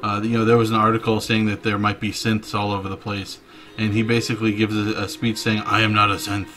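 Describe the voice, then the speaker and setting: A man's voice: lowish voice, monotone, a little fast, fairly bright tone. A man casually commentating a video game playthrough with joking, chuckling asides. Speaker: gameplay commentator. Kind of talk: casual let's-play commentary. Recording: game music behind.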